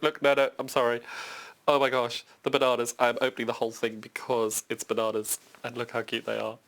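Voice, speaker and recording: A young woman from the UK hosts a live television shopping demo in an excited, gushing way. She gasps and exclaims as she unwraps and shows off each item. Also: a bass voice. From United Kingdom. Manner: gushing, breathless with excitement, gasping. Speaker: shopping channel presenter.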